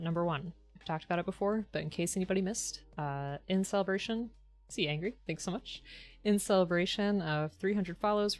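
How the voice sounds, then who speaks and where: Casual woman streamer, lower voice, chatty and upbeat, faint music under her. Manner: chatty, upbeat, thanks viewers warmly by turns. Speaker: live-streamer building model kits. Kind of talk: casual live-stream chat.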